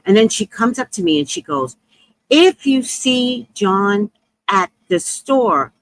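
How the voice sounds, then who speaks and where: A woman's voice: medium pitch, lively intonation, takes it slowly, dry recording, poor audio. A woman telling a comedic story in a monologue, acting out the people she quotes and swearing freely.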